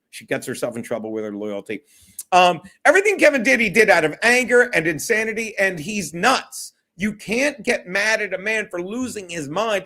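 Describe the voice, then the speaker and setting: A man with a high, fairly bright voice hosts a laid-back solo livestream. His talk is rambling and profane, punctuated by frequent fits of laughter.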